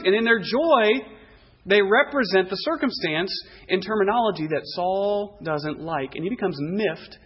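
A man preaching an expository sermon, animated, asking rhetorical questions and acting out the voices he quotes. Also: high voice, slightly rough, dull audio.

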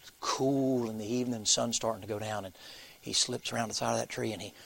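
Folksy preacher with a gravelly voice. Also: male voice, mid-range voice, fairly even intonation, fast, a bit bright. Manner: folksy storyteller, acts out characters' voices. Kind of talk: sermon storytelling.

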